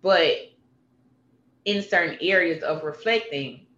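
Candid guest, bright forceful delivery, emphatic repeats; roomy, slightly muffled recording. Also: medium pitch, slow. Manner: emphatic and animated, repeats phrases for punch. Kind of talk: candid personal conversation. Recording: roomy, slightly dull sound.

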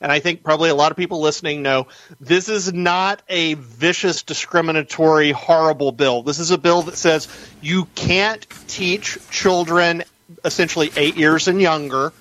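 A man calling in to a talk radio show as a guest news editor, explaining a story in an animated, argumentative way. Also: on the high side, moderate pace, no room sound, low-quality recording. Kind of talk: radio interview.

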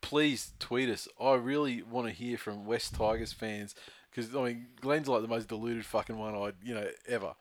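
A man's voice: medium pitch, steady tone, moderate pace, few pauses. A man co-hosting a sports podcast, talking in a blunt, argumentative, sweary way. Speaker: podcast co-host. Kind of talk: casual sports chat.

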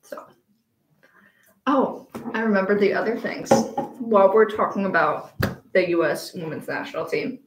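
A young woman co-hosting a podcast in casual chat, making playful quick asides, recorded in a small room. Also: medium pitch. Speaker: podcast co-host. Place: small room in a school library. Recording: echoey small room, faint background noise.

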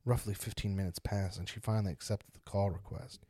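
A man's voice: on the low side, a little fast, warm tone, breathy edge, dry recording, studio quality. A man hosting a casual podcast, joking around and reading spooky stories aloud with dramatic emphasis. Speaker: podcast host.

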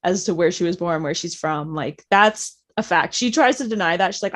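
A woman's voice: on the low side, lively intonation, moderate pace, hardly any pauses, fairly bright tone. A woman co-hosting a podcast, telling stories in a chatty, giggly way. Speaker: podcast co-host. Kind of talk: casual chat.

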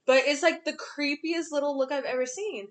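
High-voiced young woman, animated and profane. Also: moderate pace. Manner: animated, profane, laughs often. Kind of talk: casual chat.

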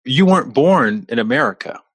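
A man hosts a podcast, opening with a scripted introduction before settling into a friendly, teasing interview. His voice sits at an everyday middle pitch. The sound is close and dry, with no room around it. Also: lively intonation, brisk, a bit bright, breathy edge, no room sound. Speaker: podcast host.

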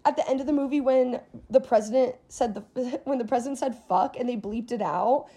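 A young woman hosting a podcast, chatting casually and telling stories in an animated way, swearing freely. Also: fairly high pitch, fairly quick, breathy edge. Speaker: podcast host. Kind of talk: casual chat.

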